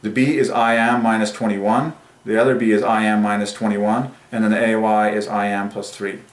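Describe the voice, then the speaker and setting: A man hosting a religious numerology channel, speaking in an excited monologue that swings between rapturous bursts and quiet musing. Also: fairly low pitch, normal speed, roomy sound.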